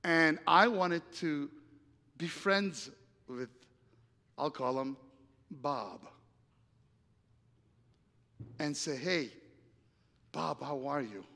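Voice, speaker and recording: A man preaching, telling a personal story with lively acted-out dialogue and big swings between loud and hushed lines. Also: on the high side, slow pace, creaky, pauses often. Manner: animated storyteller acting out dialogue, dramatic volume swings. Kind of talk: sermon storytelling. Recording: reverberant hall.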